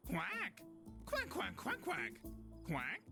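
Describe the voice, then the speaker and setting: A man voicing a mischievous duck man in a tub who answers only in quacks that leap up and down in pitch. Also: drawn-out words, music in the background, heavily acted. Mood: quacking. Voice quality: quacks only, lively squeaky pitch leaps.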